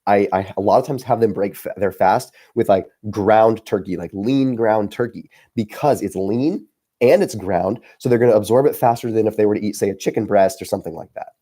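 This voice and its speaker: Low-voiced guy rambling on his live stream, lots of "like"s, earnest and casual. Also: quick pace, warm tone, slightly rough. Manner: rambling, filler-heavy, earnest. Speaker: channel host.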